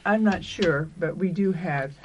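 A woman with a slightly low voice co-hosts a radio chat, breaking in with halting remarks. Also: darkish tone, slight background noise, poor audio.

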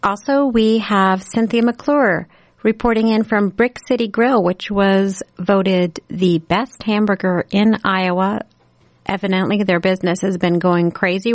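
A woman hosting a radio show in a studio, introducing segments in a friendly, clear way. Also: medium pitch. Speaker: radio host.

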